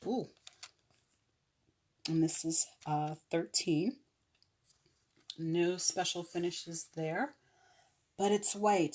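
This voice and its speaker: Woman, low voice, slow and chatty, live stream seller. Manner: chatty, with fillers and self-corrections. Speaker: online nail seller. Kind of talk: casual live product demo.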